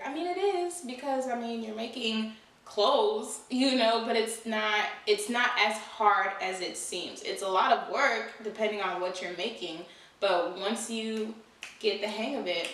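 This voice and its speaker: A woman's voice: medium pitch, fairly bright tone, far from the mic. A young woman vlogging candidly and earnestly about her life, talking in a loose conversational way with lots of "you know" and "like". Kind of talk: candid personal vlog. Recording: very echoey room, voice away from mic.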